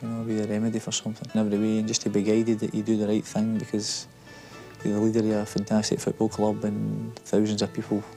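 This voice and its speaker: Football manager, archive interview, halting and flat with a dark rasp. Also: male voice, fairly low pitch, faint music behind. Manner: hesitant, halting. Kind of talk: interview reflection.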